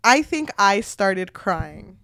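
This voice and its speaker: A woman's voice: mid-range voice, takes it slowly, gravelly. A woman co-hosting a casual book podcast, retelling a plot with lots of swearing and fillers. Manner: animated retelling with frequent swearing. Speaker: podcast co-host.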